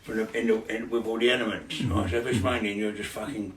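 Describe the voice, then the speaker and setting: A man's voice: lowish voice, fairly even intonation, fast talker, a crowd in the background. A middle-aged man telling stories in casual chat, swearing constantly and laughing through them. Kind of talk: casual storytelling. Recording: echoey room, mic at a distance.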